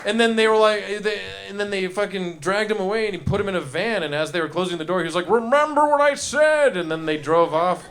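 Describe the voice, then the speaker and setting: A young man performs loose stand-up on a club stage through a handheld mic, wandering between bits and teasing the crowd. His voice sits fairly high for a man, and he drifts into silly put-on voices. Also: fairly bright tone. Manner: goofy, rambling, jumps into silly voices. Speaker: stand-up comedian. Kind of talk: loose stand-up riffing with the audience.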